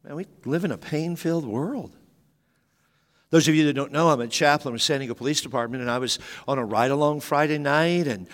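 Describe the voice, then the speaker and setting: A man in his fifties preaching a sermon as pastor, animated and joking, with sudden emphatic bursts. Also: mid-range voice. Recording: long hall reverb.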